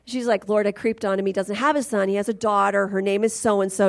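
A middle-aged woman preaching a testimony sermon, telling a story with animated swings in loudness and pitch. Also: a little fast. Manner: animated storytelling, swings loud and high at climaxes.

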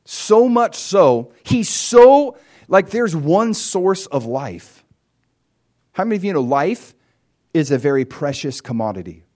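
A man preaching a sermon in an animated way, acting out quoted voices as he retells stories. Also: fairly high pitch. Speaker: pastor.

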